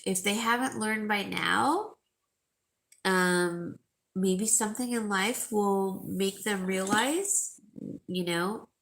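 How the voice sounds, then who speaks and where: Middle-aged woman, jewelry sale host, slow chatty talk, gravelly voice. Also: mid-range voice. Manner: slow, chatty, emotional, talking to viewers by name. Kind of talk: casual chat with viewers.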